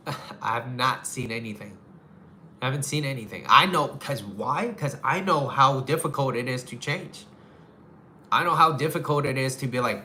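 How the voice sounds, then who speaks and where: A man's voice: mid-range voice, normal speed, pushed and bright, slight background noise. A man giving casual relationship advice to a live audience, talking frankly, swearing casually and repeating his phrases.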